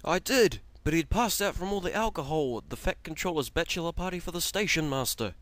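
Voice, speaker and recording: A man voicing a panicky, foul-mouthed male steam engine in a cartoon parody, shouting and screaming in alarm. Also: on the high side, expressive, brisk, no echo, voice pushed up. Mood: defensive.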